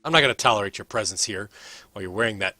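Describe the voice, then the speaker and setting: A man's voice: lowish voice, racing, sharp tone, no echo. A man voicing a haughty, stern old noblewoman in her sixties who talks to others in an imperious, scolding way.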